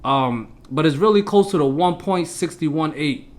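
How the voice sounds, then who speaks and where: A man's voice: fairly high pitch, animated, unhurried. A man giving a casual stock chart analysis, talking straight to his viewers in an emphatic, punchy way. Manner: punchy, with exclamations. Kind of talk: casual market analysis talk.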